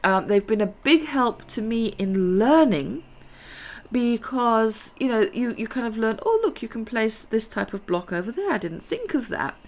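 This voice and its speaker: As a gaming video host, this middle-aged woman chats her way through a casual let's-play, rambling and tossing in giggly asides. Her voice is fairly high and sing-song, at normal speed.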